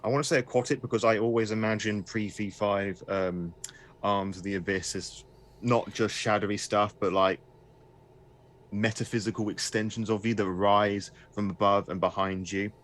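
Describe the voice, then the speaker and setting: A man with a fairly low voice runs a tabletop game, talking players through rules and scenes. His descriptions wander and loop back on themselves in a casual, unhurried way. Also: steady tone, fairly bright tone. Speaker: game master. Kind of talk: running a tabletop horror game.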